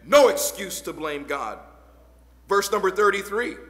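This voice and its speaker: High-voiced pastor preaching in a hall. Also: male voice, very animated, a little slow. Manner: preaching with rising shouts on scripture and punchlines; reads old-fashioned scripture verses aloud. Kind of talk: sermon. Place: church sanctuary.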